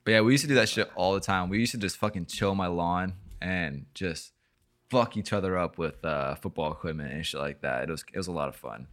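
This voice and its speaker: Low-voiced young man telling a rambling story. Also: fairly quick, fairly bright tone. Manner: rambling, heavy swearing, lots of fillers. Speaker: podcast host. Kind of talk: casual storytelling chat.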